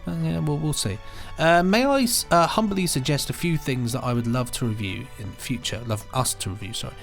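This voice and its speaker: A man's voice: medium pitch, fairly quick, gravelly, faint music behind. Chatty man reading emails. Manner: reads emails, chatty, laughs often. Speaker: podcast co-host reading listener emails. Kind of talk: casual chat.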